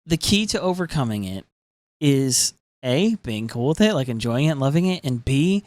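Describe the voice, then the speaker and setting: A man's voice: medium pitch, very animated, moderate pace, a little mellow, no echo. A man co-hosting a podcast in casual chat, talking emphatically with many filler words. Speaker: podcast co-host.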